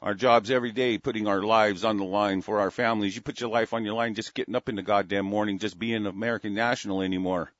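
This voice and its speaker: A man rants angrily and profanely in heated bursts, stammering and restarting as he goes. His voice is on the low side, slightly bright and steady, moving quickly with few pauses, and the recording is dull, dry, and lo-fi.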